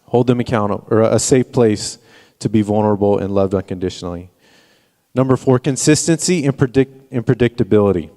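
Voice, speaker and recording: A man's voice: fairly low pitch, a little fast, mellow. Earnest man preaching in a reverberant hall. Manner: earnest, personal storytelling with frequent restarts. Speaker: pastor. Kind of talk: sermon. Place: church sanctuary. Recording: long reverb of a church hall.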